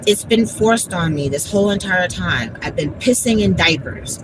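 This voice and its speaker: A woman's voice: on the low side, expressive, moderate pace, background noise. A woman hosting a casual livestream from her car, venting emotionally and bluntly with lots of filler words and swearing. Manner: emotional, rambling, heavy filler "like"; blunt and profane. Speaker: livestream host. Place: in a moving car.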